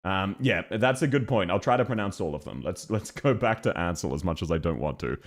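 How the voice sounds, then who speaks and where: A man's voice: deep voice, lively intonation, brisk. A young Australian man with an Australian accent, casually reacting on a stream, laughing often and swearing as he imitates voices.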